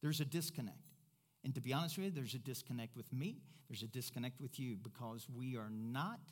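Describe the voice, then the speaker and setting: A man preaching a sermon as pastor, first loud and emphatic, then quieter and conversational. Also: mid-range voice, fairly quick.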